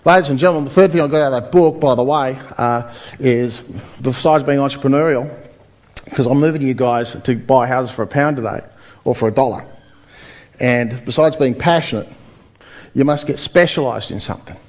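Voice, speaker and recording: A man's voice: medium pitch, brisk. An Australian man giving a motivational property seminar, telling stories and firing questions at the audience. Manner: energetic, storytelling, questions to audience.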